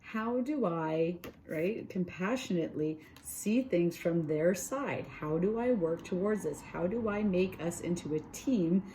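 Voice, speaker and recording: A woman on her regular channel talks through a tarot spread in a relaxed, mellow voice that sits a little low. She is chatty and filler-heavy, keeps checking in with the listener, and now and then acts out the voice of a thought. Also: unhurried, few pauses, slight background noise. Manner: animated, voices inner thoughts in quoted asides. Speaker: tarot reader. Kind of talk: casual tarot reading.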